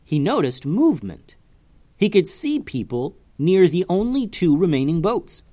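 A man reading a children's adventure story aloud with expressive narration. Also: high-pitched, unhurried.

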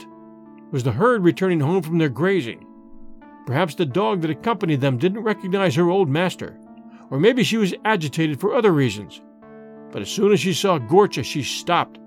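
A man narrating a classic ghost story in an expressive, old-fashioned storybook reading. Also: a little high. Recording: dry close recording with faint music.

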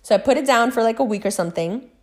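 A middle-aged vlogger with a slightly high voice races through a rambling personal story in a casual monologue. Freely swearing, she swings back and forth between loud excitement and hushed recounting.

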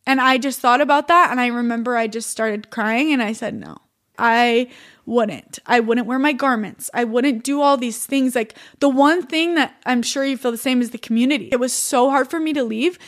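A woman's voice: fairly high pitch, normal speed, a bit bright. A young woman, a podcast guest, telling her personal story in a chatty, candid way full of "like" and "you know".

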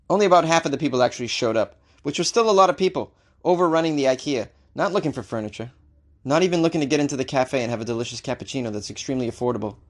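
Wisecracking male news show host. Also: medium pitch. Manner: animated, with jokey asides and chuckles. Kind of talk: comedic news commentary.

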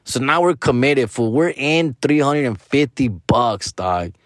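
A man's voice: medium pitch, expressive, unhurried, no room sound, studio quality. A man, telling stories in a casual, profane way, tossing in "fool", "dog" and Spanish slang. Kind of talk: casual storytelling chat.

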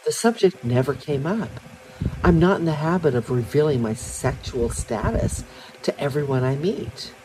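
A reader voicing a shy, inexperienced young woman in her early twenties who speaks in a hesitant, breathy way. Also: mid-range voice, lively intonation, normal speed, noisy background, lightly acted. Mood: flustered.

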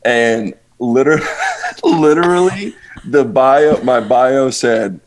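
A man's voice: mid-range voice, big pitch swings, takes it slowly, background noise. Laughing, rambling young man. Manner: rambling, self-deprecating, laughs often, lots of restarts. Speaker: podcast guest, musician. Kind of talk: casual podcast chat.

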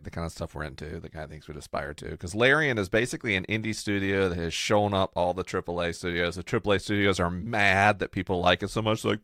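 A man with a very low voice chats playfully on a podcast, his pitch swinging widely as he jokes. He often sinks low and quiet at the ends of phrases. The sound is close and dry, with no room around it. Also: dry recording. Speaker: podcast co-host. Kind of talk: casual chat.

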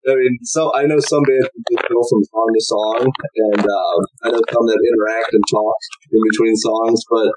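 A man's voice: on the low side, steady tone, moderate pace. A man hosting a podcast who asks his guest questions in a hesitant way, restarting his sentences often. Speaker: podcast host. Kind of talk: casual interview. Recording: noisy line with clicks.

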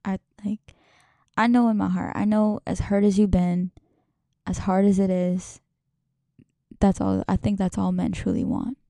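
A woman's voice: mid-range voice, gravelly, dark tone, no room sound, studio quality. A young woman hosting a podcast, talking in a rambling, emotional way, swearing and laughing often. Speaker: podcast host. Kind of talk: casual podcast monologue.

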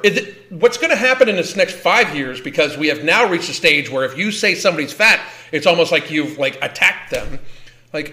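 High, bright-voiced man ranting bluntly. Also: expressive, normal speed. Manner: blunt, heated, swears a lot, repeats words. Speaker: host reacting to a clip. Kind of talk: profane ranting commentary.

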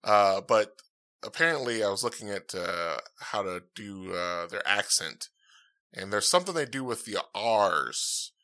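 A man's voice: on the low side, expressive, a little slow, sharp tone. A man hosting his own podcast in casual, rambling chat, upbeat and full of fillers, speaking into a dynamic podcast mic. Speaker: podcast host.

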